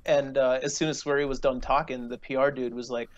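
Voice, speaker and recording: A man's voice: medium pitch, flat delivery, a little fast, hardly any pauses, highs cut off. Young man telling a laid-back story. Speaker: podcast co-host. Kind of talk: casual chat.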